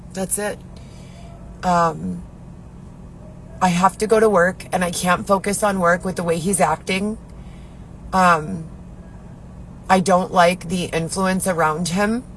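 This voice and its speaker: A woman's voice: fairly low pitch, a bit bright, slight background noise, poor audio. A woman talking to camera in her car, rambling in an agitated, profane way as she vents to her viewers. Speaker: vlogger. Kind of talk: venting monologue to camera.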